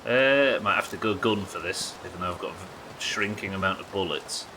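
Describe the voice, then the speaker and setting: A man from the United Kingdom with a deep voice streams a survival game, chatting and joking casually at normal speed and swearing now and then in his gameplay commentary. Background noise is audible.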